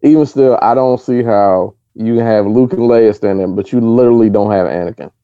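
A man's voice: mid-range voice, moderate pace, mellow, clean tone, dry recording, highs cut off. A man in casual podcast chat, arguing his point with a chuckle. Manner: argumentative, chuckling.

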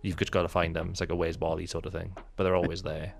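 A man co-hosting a casual podcast chat. He talks in a relaxed, rambling way with fillers. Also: low voice, quick pace, creaky, faint music behind. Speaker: podcast co-host.

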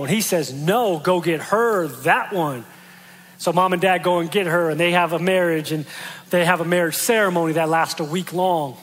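A man with a fairly high voice preaches in a reverberant hall, telling a story with animated, lively delivery. He slips into the quoted speakers' lines as he goes. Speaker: pastor. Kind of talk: sermon.

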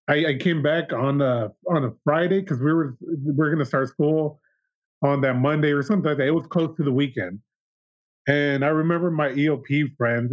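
A man's voice: on the high side, no room sound, highs cut off. A young man talking through a personal story in a casual conversation, reflective, with restarts and retold dialogue.

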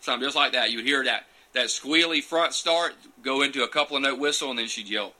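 A man answers viewer questions on a livestream, lounging on a futon couch in a small room and greeting people by name in a casual, folksy Q and A. His mid-range voice moves fairly quickly, and background noise can be heard.

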